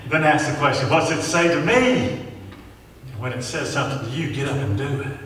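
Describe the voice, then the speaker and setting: A man's voice: mid-range voice, a bit bright, slight background noise. A man preaching a sermon in a church, pressing his points with rhetorical questions and drawing call-and-response from the congregation. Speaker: pastor. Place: church sanctuary. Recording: echoey church hall, mic at a distance.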